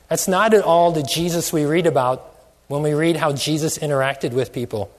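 A man's voice: a little high, steady tone, moderate pace, darkish tone. A man preaching a sermon, asking many questions and stretching out phrases for emphasis. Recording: long hall reverb.

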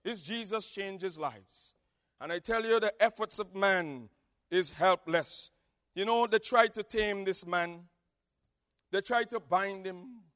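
A man preaching an evangelistic sermon with a Nevisian Caribbean accent, swinging between hushed tones and shouting. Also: sits high, slow. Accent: Nevisian Caribbean English. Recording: long reverb of a large hall.

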